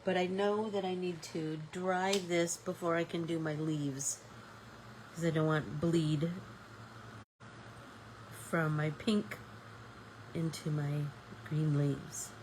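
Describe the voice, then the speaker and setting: Woman, low voice, slow unhurried talk, stuffy nose, chatty art-class host. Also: little pitch movement, background noise. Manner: chatty, thinks aloud with fillers, greets viewers. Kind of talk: casual live-stream craft chat.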